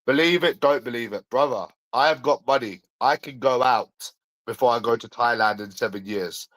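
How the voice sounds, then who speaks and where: A man's voice: mid-range voice, moderate pace, fairly bright tone, dry recording, poor audio. A man with a London accent ranting in a repetitive, sweary, sarcastic monologue. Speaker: vlogger.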